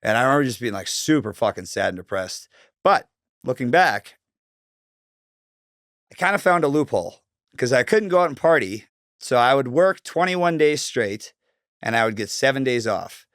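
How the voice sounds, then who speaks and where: A man's voice: medium pitch, normal speed, long pauses, dry recording, clean studio sound. Profane man telling stories. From Canada. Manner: profane, animated, acts out quoted voices. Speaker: guest telling his life story. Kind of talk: casual storytelling.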